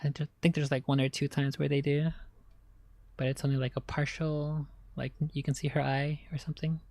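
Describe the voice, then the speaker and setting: A woman's voice: deep voice, level tone, a little fast, darkish tone, no room sound. A woman streamer chatting casually, rambling and giggly, while reacting on a close desk mic.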